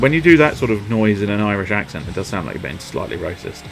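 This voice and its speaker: Male streamer with a lowish voice and a faint music bed behind him, excitable and sweary, mocks himself as he plays. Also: quick pace, creaky, hardly any pauses. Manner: excitable, sweary and self-mocking, bursting into yelps. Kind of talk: live gameplay commentary.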